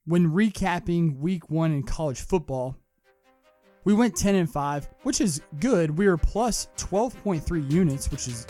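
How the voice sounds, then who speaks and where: A man's voice: a little high, animated, unhurried, dark tone, soft background music. Young man hosting a sports talk show. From Kentucky. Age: young adult. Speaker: podcast host.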